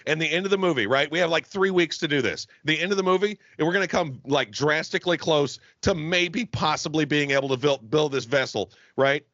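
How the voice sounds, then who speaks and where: A young man co-hosting a comedy podcast, telling a long profane bit in a rambling, animated way. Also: a little high, brisk, few pauses, no room sound, dull audio. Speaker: podcast co-host. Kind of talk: casual comedic chat.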